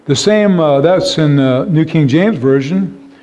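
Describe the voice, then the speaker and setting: A man preaching an earnest sermon of encouragement with a slightly high voice. He reads scripture aloud and keeps checking in with his listeners. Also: measured pace, darkish tone, muffled recording. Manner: calls out "Amen?" to the congregation. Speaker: pastor.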